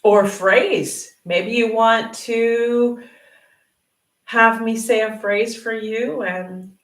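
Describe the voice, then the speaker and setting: A woman teaches English in an unhurried, encouraging way, stretching words out so viewers can repeat after her. Her voice sits a little back from the mic, and the room rings around it. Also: fairly high pitch, fairly even intonation, recorded from a distance. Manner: encouraging, chatty, repeats words slowly for learners. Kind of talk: live Q&A lesson. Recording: roomy and off-mic.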